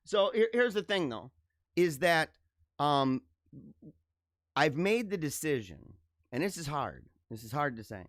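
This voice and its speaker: A man's voice: a little high, very animated, unhurried, long pauses, a bit bright, dry recording, studio quality. A middle-aged man hosting his own live show, talking casually in a joking, emotional way with many restarts. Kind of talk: casual live-stream monologue.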